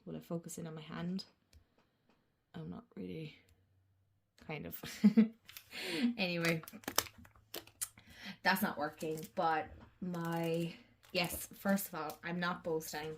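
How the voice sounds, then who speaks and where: Casting: young woman, lower voice, rambly home vlogger, light background hiss. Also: little pitch movement, slow, long pauses. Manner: chatty, rambling, often laughing and whispering. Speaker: journaling channel host. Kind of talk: casual chat to camera.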